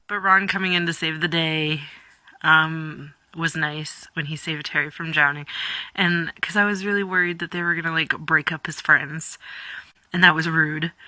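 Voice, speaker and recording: Young woman, 20s, casual reaction vlog, emotional, rambling, bright voice, unhurried. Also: fairly low pitch. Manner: emotional, rambling, with whispered asides. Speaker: YouTuber.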